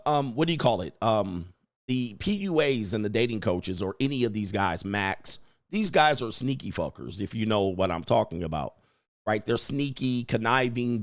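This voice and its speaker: A man's voice: on the low side, no echo, studio quality. A man hosting a live stream as a dating coach, rambling crudely, reading viewer questions and putting on mock voices.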